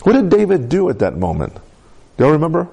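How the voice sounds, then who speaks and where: A male preacher delivers a conversational sermon and often asks the congregation to respond. His voice is warm and mellow, and his pitch swings widely. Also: huge pitch swings, fast, creaky, breathy edge.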